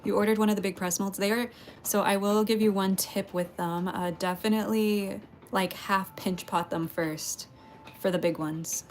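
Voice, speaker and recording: A woman's voice: medium pitch, fairly even intonation, moderate pace, a little hiss or hum. A woman from Texas, hosting a casual pottery livestream, chatting with viewers, greeting them by name and laughing often.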